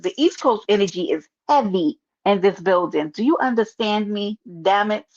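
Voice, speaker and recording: A woman's voice: mid-range voice, lively intonation, moderate pace, few pauses, a little mellow. A woman with a New York accent hosting a casual livestream, chatting sassily and reading her chat aloud. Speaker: livestream host. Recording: dull lo-fi stream audio.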